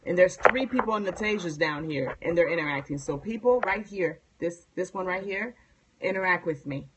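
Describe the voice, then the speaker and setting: A woman hosting a casual live-stream chat, energetic and talkative with many fillers. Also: lowish voice, normal speed, dull audio, slight background noise. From United States. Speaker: host.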